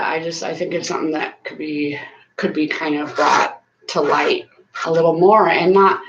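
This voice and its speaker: A woman, talking earnestly and casually to viewers on a live stream from her bathroom, with plenty of fillers. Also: lowish voice. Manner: chatty, earnest, with frequent fillers. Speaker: YouTuber doing a live stream. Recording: echoey small room, slightly dull sound.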